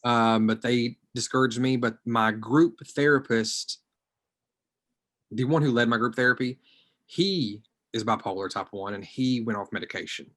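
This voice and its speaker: A medium-pitched man speaking at normal speed gives his personal account as part of a social work student panel in an online group. He is reflective and unsure, and his voice frequently fades off.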